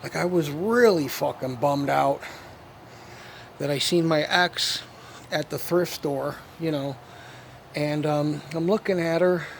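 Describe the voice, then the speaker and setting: Man, gravelly voice, slightly high pitch, rambling, profane, lots of fillers. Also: takes it slowly, long pauses, slight background noise. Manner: rambling and profane, fillers and repeated 'you know what I mean'. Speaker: vlogger. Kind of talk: rambling monologue to camera.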